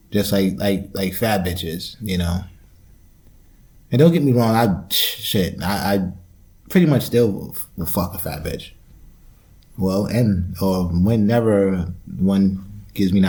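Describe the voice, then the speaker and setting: Low, dark-voiced man ranting profanely. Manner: rambling, profane, loose and joking. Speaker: podcast host. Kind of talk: solo podcast rant.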